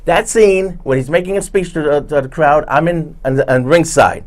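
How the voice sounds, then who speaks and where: A man who chats casually as the host and tells long, wandering stories. He restarts his sentences often and leans on fillers. His voice sits a little high for a man. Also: moderate pace, a little mellow. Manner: rambling, many restarts and fillers. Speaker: show host, background actor. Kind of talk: casual chat, storytelling.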